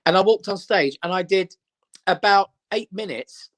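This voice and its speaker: With a high-pitched voice at moderate pace, a comedian guest, middle-aged and English, recounts animated anecdotes in casual talk. He brings the people in them to life by acting out their quoted voices.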